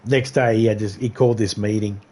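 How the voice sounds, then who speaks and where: A man's voice: fairly low pitch, steady tone, brisk, warm tone. A man on a game livestream casually telling a rambling, profane story and laughing often. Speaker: livestream gamer.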